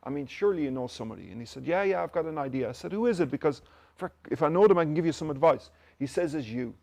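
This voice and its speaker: Speaking on the high side, this man sounds animated and racing, with a creaky, slightly mellow voice. He's from Ireland, a company director interviewed as a guest, sharing anecdotes casually and performing the lines he quotes.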